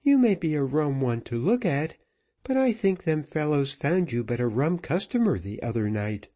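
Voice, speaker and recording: A man's voice: on the high side, big pitch swings, normal speed, dark tone, pitched above the performer's own voice. A man reading a novel aloud, voicing a blunt, teasing woman married to a sailor. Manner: blunt, teasing, salty talk. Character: brisk outspoken woman, sailor's wife.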